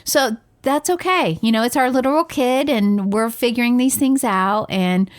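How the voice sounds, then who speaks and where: A woman's voice: a little high, moderate pace. Chatty woman telling family stories. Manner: animated storyteller acting out dialogue. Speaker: podcast co-host, parent. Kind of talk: casual chat.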